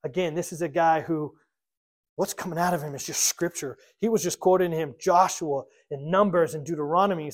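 A man's voice: a little high, fairly quick. A man preaching a sermon, reading scripture aloud and explaining it, acting out the quotes in a casual modern voice. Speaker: pastor.

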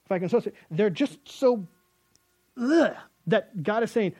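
Male preacher with a high voice; lively, conversational sermon delivery that acts out the scripture dialogue. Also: unhurried, slightly rough. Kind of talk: sermon reading and explaining scripture.

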